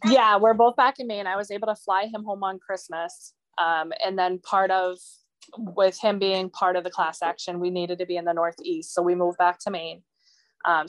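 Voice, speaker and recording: A woman's voice: fairly low pitch, no echo. A woman guest telling her family's story in an earnest, rambling way, with many fillers. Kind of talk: emotional personal account.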